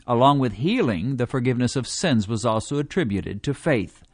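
A man reading a devotional teaching in a measured way, slowing down to stress quoted scripture. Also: medium pitch, animated, a little mellow, slightly rough, no room sound, studio quality. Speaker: preacher.

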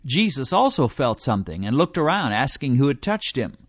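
Man, preacher, measured reading, animated pitch, dry sound. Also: no echo. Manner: measured, slows down to stress quoted scripture. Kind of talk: reading a devotional teaching.

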